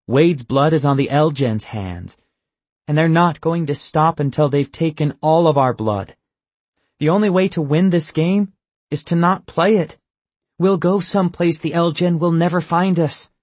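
An earnest teenage boy, as a male narrator plays him, pressing and urgent. The voice is lifted higher than the reader's own, with a husky edge and a dry, close sound. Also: expressive, unhurried, a little mellow, no echo. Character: conflicted teenage boy urging escape.

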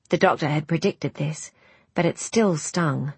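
A woman narrating an audiobook in a measured, restrained way. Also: low voice, husky, dry recording.

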